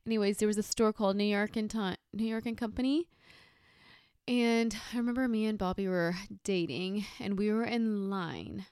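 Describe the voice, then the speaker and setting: A woman in her thirties co-hosting a casual podcast, telling a story and getting animated as it builds. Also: normal speed, clean tone, no room sound, clean studio sound. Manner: animated storyteller, rises high when excited. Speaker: podcast co-host.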